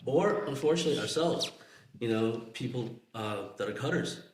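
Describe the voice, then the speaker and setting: A man explaining calmly, often checking that the others agree. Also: mid-range voice, normal speed, slight background noise. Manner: explaining, calm, asks for agreement. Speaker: podcast co-host. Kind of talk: casual explanatory talk. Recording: echoey room.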